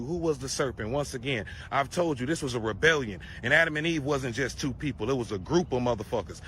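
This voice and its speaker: A man's voice: high voice, bright, forceful tone. A man delivering a profane conspiracy rant to camera, preachy and crude, firing off rhetorical questions.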